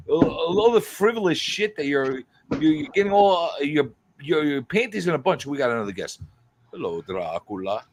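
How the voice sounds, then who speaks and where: A man's voice: on the high side, a little hiss or hum. A man hosting a livestream who rants in a heated, profane way and keeps repeating himself while he builds his point. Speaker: livestream host.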